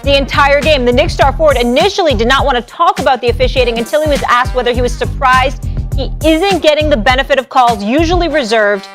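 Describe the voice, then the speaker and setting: Brief: woman, high clear voice, brisk studio moderator, music playing behind. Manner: brisk, upbeat, steering the talk. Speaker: show moderator. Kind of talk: scripted sports news read and moderation.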